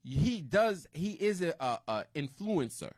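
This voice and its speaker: A man's voice: fairly high pitch, unhurried, husky, dry recording, clean studio sound. A man co-hosting a casual talk show, arguing his points and steering the conversation. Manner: animated, argumentative, steers the talk. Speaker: podcast co-host. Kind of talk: casual banter.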